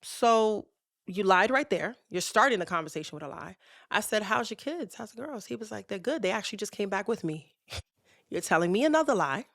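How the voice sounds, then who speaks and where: A woman's voice: medium pitch, expressive, brisk, vocal fry, fairly bright tone, dry recording, studio quality. A woman, hosting a podcast and telling a personal story in a candid, conversational way, acting out both sides of past conversations. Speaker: podcast host.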